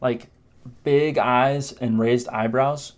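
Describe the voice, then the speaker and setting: A man's voice: medium pitch, fairly even intonation, a little mellow. A man coaching men on confidence, talking to the camera in a conversational way and acting out brief demonstrations. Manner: conversational, explains with quick demos and mock voices. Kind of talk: direct-to-camera coaching talk.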